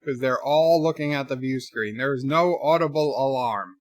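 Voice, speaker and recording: A streamer watches a film with his chat, casually commenting and reading viewer messages aloud with wry, sarcastic asides and lots of fillers. His voice sits at a medium pitch and moves at a moderate pace, captured in a dry, studio-quality recording.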